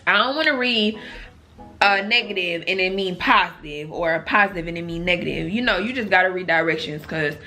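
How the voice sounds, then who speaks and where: A woman in her twenties telling a personal story to her viewers in a chatty, animated way, full of asides. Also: on the low side, brisk. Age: 20s. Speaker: vlogger. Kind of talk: casual storytime.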